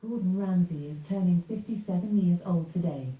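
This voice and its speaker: A female smart speaker voice answering questions in an even, polite, informative way. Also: on the low side, normal speed, far from the mic. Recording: echoey room, heard from across it.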